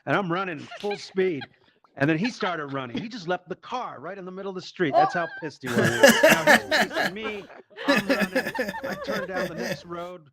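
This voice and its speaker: A man tells a stand-up story with a voice that sits a little on the high side. He is animated and profane, and he slips into the voices of the people he quotes. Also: moderate pace, a crowd in the background. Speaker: stand-up comedian. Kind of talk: stand-up storytelling in a VR comedy show.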